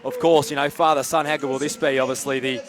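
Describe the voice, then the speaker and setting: A man's voice: mid-range voice, fairly even intonation. A man giving colour commentary, chatty and enthusiastic about the players. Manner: chatty, quick, enthusiastic asides. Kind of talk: live sports commentary.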